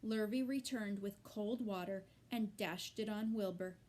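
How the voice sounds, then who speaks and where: A woman reading a children's novel aloud with slow, deliberate narration. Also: medium pitch, a little mellow. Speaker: reader.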